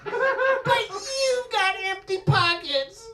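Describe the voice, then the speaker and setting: A man doing an impression of a loud redneck comedian, drawling high and slow and hollering out his punchlines on a comedy club stage. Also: expressive, full character voice. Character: loud Southern redneck comic, grown man. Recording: roomy live club from a distance. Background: audience laughter.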